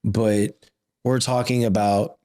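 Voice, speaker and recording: A man hosting an interview, encouraging and affirming his guest, quick to laugh. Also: fairly low pitch, steady tone, dark tone, clean tone, no echo, studio quality. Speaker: podcast host. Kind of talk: interview conversation.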